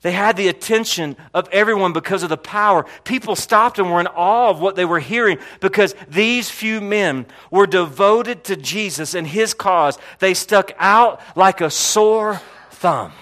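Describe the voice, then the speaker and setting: A male pastor from Florida preaching a sermon and telling a personal story in an animated way, often repeating words and swinging from loud to hushed. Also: sits high, normal speed.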